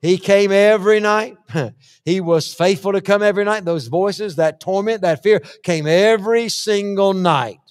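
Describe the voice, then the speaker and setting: A man preaching a sermon, swinging from hushed asides to shouted lists and acting out the voices he quotes. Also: high-pitched, normal speed. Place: church hall. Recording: long church-hall reverb.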